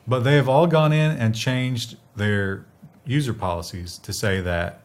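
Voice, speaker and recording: Low-voiced man chatting tech news. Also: normal speed. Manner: chatty, acts out quotes in lively bits. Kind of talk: casual news discussion.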